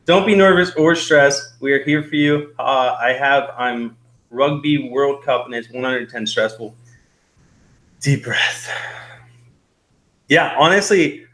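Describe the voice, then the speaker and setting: A man's voice: mid-range voice, fairly bright tone. A young man hosting a casual live-stream chat, rambling and laughing nervously, a little out of breath. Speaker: host.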